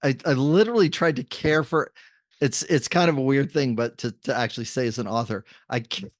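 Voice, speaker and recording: A middle-aged man tells stories in a lively way as a guest, and he acts out each exchange. His voice sits at an ordinary pitch, and it is recorded dry and close with no room sound. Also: brisk, dry recording. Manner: animated storyteller acting out dialogue. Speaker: guest, author and mediator. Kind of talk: storytelling in a podcast interview.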